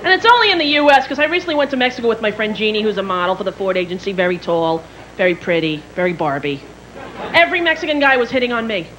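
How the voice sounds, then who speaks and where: A woman's voice: medium pitch, animated, fast talker, a bit bright, dull audio. A woman performing stand-up comedy in a brash, profane, self-mocking way before a live audience. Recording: live stage with crowd laughter and noise.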